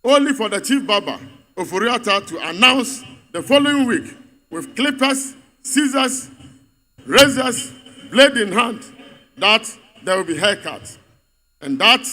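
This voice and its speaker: A man's voice: high voice, expressive, unhurried, long pauses, sharp tone. A man giving an emphatic, repetitive political speech at a party congress in a large venue. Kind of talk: rally speech. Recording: reverberant hall.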